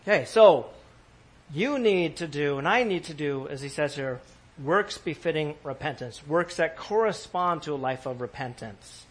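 A man's voice: fairly high pitch, lively intonation, normal speed. A man from California preaching a sermon in a church in New York, talking casually to the congregation with laughs and asides. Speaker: pastor.

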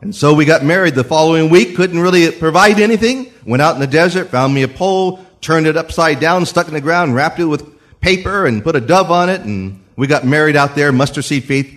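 An older man preaching a sermon in church, telling his own story in an animated way and acting out voices in the quotes. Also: a little high, fairly quick. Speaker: pastor. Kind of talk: sermon with personal testimony.

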